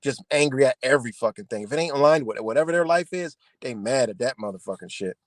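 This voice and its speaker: A man's voice: medium pitch, animated, quick pace, no room sound. Profane, heated man ranting live. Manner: profane, confrontational, repetitive. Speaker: livestream host. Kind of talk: heated livestream rant.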